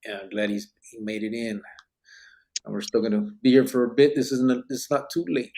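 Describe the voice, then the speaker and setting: A man's voice: mid-range voice, a little fast, a little mellow. A man hosting a podcast, reading live comments in casual chat, laughing often and dropping Spanish slang. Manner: laid-back, laughs often, drops Spanish and barrio slang. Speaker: podcast host.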